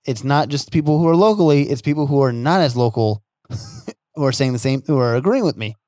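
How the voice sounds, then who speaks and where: Man, podcast host, casual rambling chat, mid-pitched voice, dry close sound. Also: animated, brisk, a little mellow, dry recording. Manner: rambling, many restarts and "like"s.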